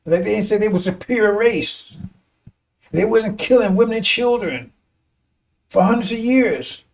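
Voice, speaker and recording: A man's voice: sits high, animated, measured pace, creaky, recorded from a distance. A man preaching to a congregation in a rambling commentary, stumbling over and repeating words, chuckling between points and often asking "see?". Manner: chuckles between points, turns emphatic at times. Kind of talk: rambling sermon-style commentary.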